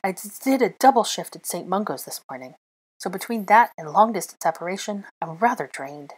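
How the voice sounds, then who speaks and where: Woman reader voices a proud, shrill young witch in a storybook reading; sarcastic, pitch swinging wildly. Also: expressive, fairly quick, slightly rough. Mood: indignant. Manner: shrill, sarcastic, pitch leaping high when indignant. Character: exasperated young witch, sharp-tongued and proud.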